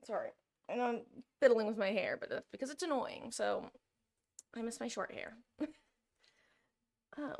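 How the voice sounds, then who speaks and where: A woman's voice: a little high, normal speed, creaky, long pauses, a little mellow. A woman streamer chatting casually and rambling to her live chat, self-deprecating, with lots of fillers. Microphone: desk mic, monitoring own audio.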